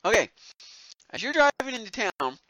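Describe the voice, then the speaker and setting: A man from southern Alabama running a tabletop game as game master, narrating with lots of fillers and quick laughs. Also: extremely high pitch, dry recording, muffled recording. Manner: lively, laughing, hesitant narration with many fillers.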